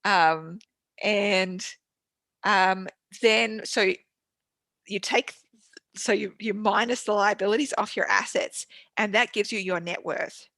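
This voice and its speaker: A woman's voice: mid-range voice, takes it slowly, sharp tone, no echo. Frank, foul-mouthed woman. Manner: frank, swears freely. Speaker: podcast guest, business owner. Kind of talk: casual interview chat.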